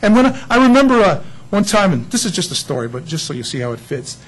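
A man's voice: sits high, big pitch swings, fast talker, husky, low-quality recording. A man preaching a sermon in church, a folksy and joking storyteller. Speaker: pastor.

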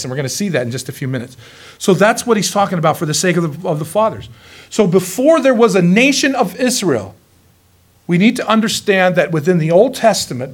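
A male pastor preaching a sermon in a folksy, joking way, telling stories lively and chuckling often. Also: high-pitched. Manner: lively storytelling.

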